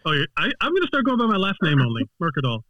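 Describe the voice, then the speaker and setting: A man's voice: on the high side, wildly swooping pitch, very fast, pushed and bright, dry recording, muffled recording. A man co-hosting a casual podcast, rambling and filling gaps with likes and ums. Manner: rambling, lots of fillers. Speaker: podcast co-host.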